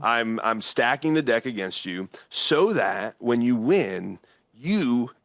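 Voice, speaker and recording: A man with a Midwestern American accent is telling a story as a guest in an interview. He speaks at an ordinary middle pitch and keeps slipping into the voices of the people he quotes, laughing now and then. The recording is dry and close, with no room sound. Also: expressive, slow pace, vocal fry, fairly bright tone, no room sound. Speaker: guest, politician and former pastor. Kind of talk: animated storytelling in conversation.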